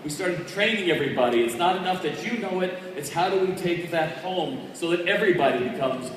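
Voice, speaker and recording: A man giving an energetic, conversational motivational speech, telling a story to an audience. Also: high-pitched, fairly quick, a little hiss or hum. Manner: energetic, punchy, conversational delivery. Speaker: keynote speaker. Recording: distant echoey hall recording.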